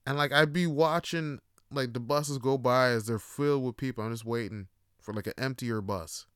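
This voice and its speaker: A man's voice: medium pitch, moderate pace, clear, resonant tone, dry recording, studio quality. A man hosting a podcast, telling a long profane story in a rambling, casual monologue with lots of fillers. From Toronto. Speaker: podcast host.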